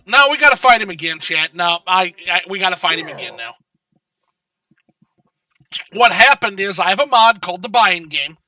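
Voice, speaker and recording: A man streaming a video game, talking casually and excitably to his chat and swearing often. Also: sits high, no echo, distant mic. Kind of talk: casual live gameplay commentary.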